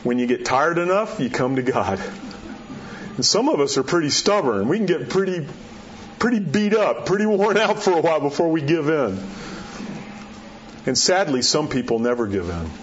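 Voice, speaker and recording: Man preacher, folksy storyteller, sinks to hushed tones for emphasis, a little muffled with faint room hum. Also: on the high side, expressive, normal speed. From New Mexico. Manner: folksy storytelling, drops to a soft hush at key words. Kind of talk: sermon.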